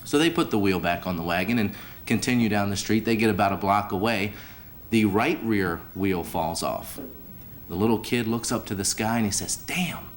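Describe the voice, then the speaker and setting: Folksy low-voiced man hosting a banquet. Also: normal speed, slight background noise. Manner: folksy, with fillers and restarts. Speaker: master of ceremonies, sports director. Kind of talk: ceremony hosting with a told joke. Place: banquet hall. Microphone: podium microphone.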